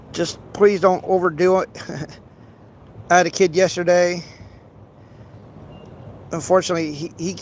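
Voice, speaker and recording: High-voiced man rambling while fishing. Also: a little hiss or hum. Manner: rambling, restarts often, playful teasing. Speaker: fishing livestreamer. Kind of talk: casual livestream chat while fishing. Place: outdoors by a pond.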